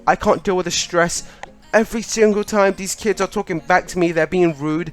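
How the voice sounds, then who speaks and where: A man's voice: sits high, moderate pace, faint music behind, pitched above the performer's own voice, close to an everyday voice. A young man voicing an indignant female substitute teacher who scolds her class. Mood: tearful.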